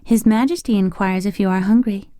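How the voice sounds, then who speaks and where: A man's voice: high voice, brisk, dark tone, no room sound, clean studio sound, voice pushed up, close to an everyday voice. A man voicing a cheeky young maid in an audiobook, teasing and mischievous, in a raised, lilting voice. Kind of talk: audiobook character voice.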